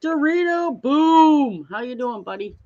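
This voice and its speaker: A woman's voice: high voice, animated, measured pace, a little mellow, dull audio. A woman hosting a livestream, chatting casually and greeting viewers by name in a rambling way. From Canada. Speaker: livestream host.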